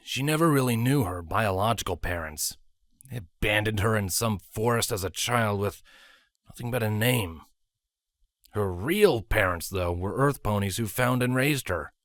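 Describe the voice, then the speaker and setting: A man voicing a serious young prince who explains things in a measured, sighing way. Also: fairly low pitch, expressive, a bit bright, no echo, clean studio sound. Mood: earnest. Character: earnest young male prince, weary and serious.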